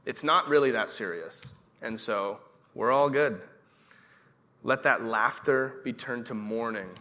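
A man preaching a sermon in a church, quoting verses slowly and asking the congregation questions. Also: medium pitch, sharp tone. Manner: preaching with audience questions, slow emphatic repeated verses. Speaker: pastor.

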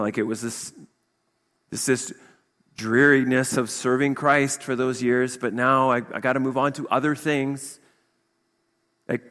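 A man in his fifties preaching a sermon as pastor, energetic and conversational, often checking in with "okay?". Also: medium pitch. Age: 50s. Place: church sanctuary. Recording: long hall reverb.

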